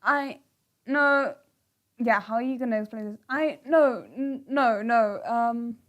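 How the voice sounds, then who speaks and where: A woman with a fairly high voice hosts a live read-aloud of comics. She talks at an unhurried pace and keeps breaking off from the reading with animated, exclaiming reactions. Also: muffled recording.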